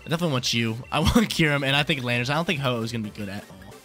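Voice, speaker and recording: A young man giving excitable live commentary on his own game, talking to himself and repeating phrases. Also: medium pitch, racing, soft background music. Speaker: gaming YouTuber.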